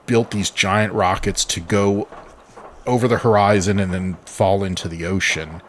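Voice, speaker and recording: Deep-voiced man explaining at length. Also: fairly even intonation, measured pace, slight background noise. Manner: rambling, explanatory, sweary. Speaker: podcast co-host. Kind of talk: casual chat.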